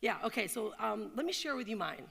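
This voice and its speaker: A woman's voice: a little high, brisk, vocal fry. A woman in her thirties giving a motivational talk to an audience, telling stories and asking the crowd questions. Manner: animated storyteller, asks the crowd questions. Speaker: keynote speaker. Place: event hall in London. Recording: long reverb of a hall.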